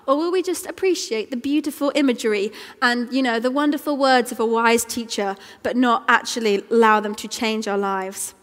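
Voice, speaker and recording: A woman's voice: on the high side, normal speed, hardly any pauses. Earnest woman preaching in a church. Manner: earnest and conversational, with small restarts. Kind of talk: sermon. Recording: long church reverb.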